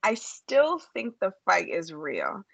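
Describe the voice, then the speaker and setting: Blunt, lively New Yorker woman. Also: fairly low pitch, slow, gravelly, breathy edge, no echo. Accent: New York. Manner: blunt, profane, chatty with many fillers. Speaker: podcast co-host. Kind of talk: casual chat about reality TV.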